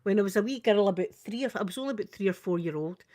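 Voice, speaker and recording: A woman's voice: mid-range voice, very fast. An older woman with a Scottish accent, chatting casually on a live makeup vlog and acting out her stories. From Scotland. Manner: animated storyteller, acts out screams and quotes. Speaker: makeup vlogger. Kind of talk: casual storytelling during a live makeup stream.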